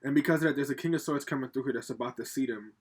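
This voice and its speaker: Husky-voiced man giving a loose tarot reading. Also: mid-range voice, very fast. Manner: loose, profane, talks straight to viewers; rambling with frequent fillers and laughs. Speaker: tarot card reader. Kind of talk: casual pick-a-card tarot reading. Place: home, with a laptop.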